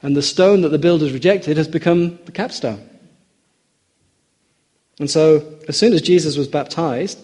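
Husky, mellow-voiced male preacher. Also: fairly high pitch. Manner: earnest, rising for emphasis, slows on quoted scripture. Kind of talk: sermon.

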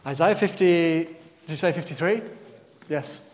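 A man's voice: a little high, unhurried, darkish tone, long reverb tail. A man preaching a sermon to his congregation, asking them questions and calling on people by name.

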